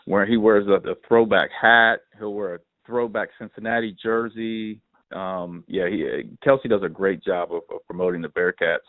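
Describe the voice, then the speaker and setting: Male podcast host, mid-pitch, animated storyteller, dry narrow phone-line sound. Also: moderate pace, dry recording. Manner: animated storyteller, lots of fillers. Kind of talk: casual sports chat.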